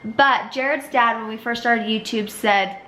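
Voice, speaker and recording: A woman's voice: fairly high pitch, measured pace, pushed and bright, reverberant. A young woman co-hosting a family vlog Q&A, speaking earnestly and sincerely. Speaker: vlogger co-host. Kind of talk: casual Q&A chat.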